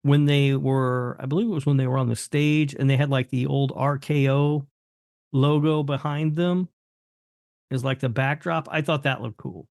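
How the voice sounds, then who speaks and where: A man co-hosting a horror movie podcast, casual and blunt, flatly dismissive. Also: medium pitch, moderate pace, gravelly, no room sound, studio quality. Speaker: podcast co-host. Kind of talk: casual chat.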